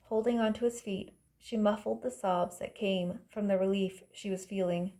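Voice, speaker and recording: A woman reading her own novel aloud as audiobook narration, calm and measured. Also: mid-range voice. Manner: calm, measured storytelling, voicing characters lightly.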